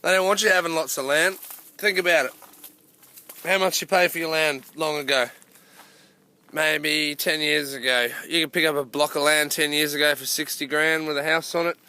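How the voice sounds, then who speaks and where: A man's voice: a little high, steady tone, moderate pace, sharp tone. An Australian man giving a blunt, passionate rant to camera outdoors, calling everyone "mate". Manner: blunt, repeats "mate" constantly. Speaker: activist vlogger. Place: outdoors near a coal mine.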